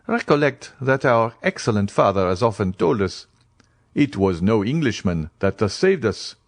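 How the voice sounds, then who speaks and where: A man's voice: on the low side, very animated, normal speed, dry recording, studio quality. Man voicing an earnest young man.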